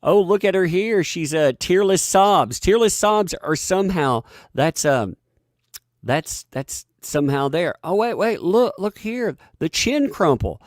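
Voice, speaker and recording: A man putting on a high, breathless, mocking voice to play an excited media body-language pundit. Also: a little slow, no room sound, clean studio sound. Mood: mock gushing.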